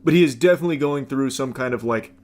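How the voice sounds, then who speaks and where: A man's voice: medium pitch, fast talker, darkish tone. A man casually commenting on a video, rambling and speculating with lots of fillers.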